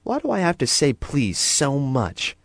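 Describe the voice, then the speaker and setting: A man's voice: mid-range voice, huge pitch swings, measured pace, creaky, dry recording, clean studio sound, pitched above the performer's own voice, full character voice. A man voicing a grumbling, whiny little girl in a children's storybook. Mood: sulky. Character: little girl, cranky and hungry.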